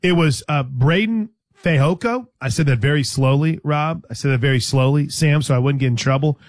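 A man's voice: medium pitch, fairly even intonation, a little fast, no echo, clean studio sound. A man hosting a sports talk show, chatting casually and teasing his co-host, often restarting his sentences.

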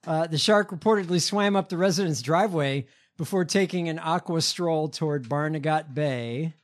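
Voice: medium pitch, normal speed. A podcast host reading news headlines aloud, with many hesitations and fillers.

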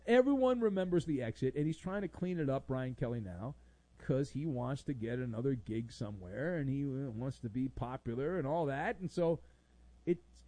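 A man's voice: fairly high pitch, mellow, no echo, low-quality recording. A man hosting a sports talk show, sarcastic and theatrical, mocking his subjects with playful bits. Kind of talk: animated sports commentary.

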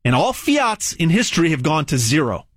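Dude pushing a hard sales pitch, says stuff again and again, voice bouncing up and down a lot, dead dry sound. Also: male voice, very animated, moderate pace, fairly bright tone, no room sound. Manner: emphatic and repetitive, folksy asides. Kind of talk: direct-to-camera sales pitch.

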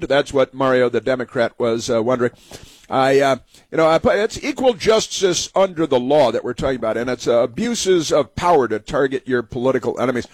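Husky-voiced man hosting talk radio. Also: medium pitch, a little fast, no echo. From United States. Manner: rambling, heavy fillers and restarts; emphatic, opinionated. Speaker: radio talk show host. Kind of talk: political talk radio monologue. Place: radio studio.

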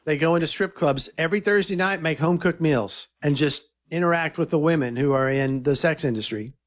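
A man with a notably high speaking voice tells stories in a relaxed interview. He is eager and animated, and he often slips into quoting what other people said. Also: brisk. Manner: animated, eager storyteller who quotes others. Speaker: filmmaker guest. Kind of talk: casual interview storytelling.

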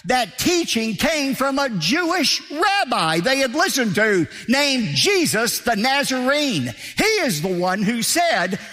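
Emphatic high-voiced pastor preaching. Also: male voice, big pitch swings, takes it slowly, few pauses, sharp tone, in a large hall. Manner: emphatic, repeating key phrases for stress. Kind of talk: sermon.

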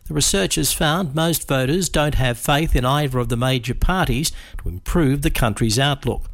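A man reading a radio news bulletin in a steady, measured way. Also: medium pitch. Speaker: newsreader.

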